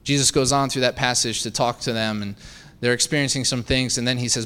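A man's voice: mid-range voice, fairly even intonation, a little fast, sharp tone, clear, resonant tone, big-room sound. A man preaching a sermon in a conversational way, often asking the listeners questions. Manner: conversational, asks the congregation rhetorical questions with frequent "right?".

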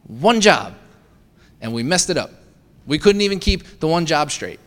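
A man delivering a sermon in a fairly high voice, talking to his listeners and asking rhetorical questions. He often checks in with a quick "right?" while he explains scripture. His voice carries a long reverb from a large hall. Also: big pitch swings, fairly bright tone. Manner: conversational, asks the congregation rhetorical questions with frequent "right?". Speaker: preacher.

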